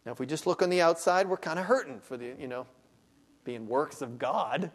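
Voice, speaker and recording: A male pastor with a high voice delivers a sermon that swings between quiet, hushed asides and loud, drawn-out, climbing exclamations. His voice rings out with a long reverb in a church sanctuary.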